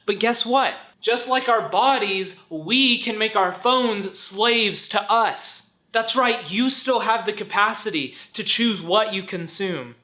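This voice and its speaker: A man with a high-pitched, bright voice delivers a faith-based motivational vlog. He is earnest and preachy yet playful, slipping into jokey voices to make his point. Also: slow pace, hardly any pauses. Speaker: vlogger.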